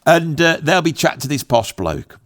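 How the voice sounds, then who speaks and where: A man's voice: a little high, very animated, moderate pace. A middle-aged English man talking off the cuff in a rambling, self-mocking vlog. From England. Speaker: YouTuber, musician. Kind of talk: rambling unscripted vlog monologue.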